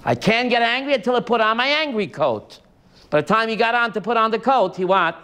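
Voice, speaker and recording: A man's voice: extremely high pitch, a little fast, slight background noise. A man, a rabbi, preaching a sermon built on stories and asking his listeners questions. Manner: animated, asks the audience questions. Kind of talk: sermon with storytelling.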